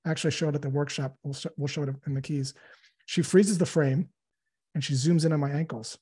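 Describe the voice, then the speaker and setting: A man's voice: on the high side, fairly even intonation, fast talker, warm tone, breathy edge. A man who works as a sales coach, a guest telling a story and acting out the dialogue in his answer.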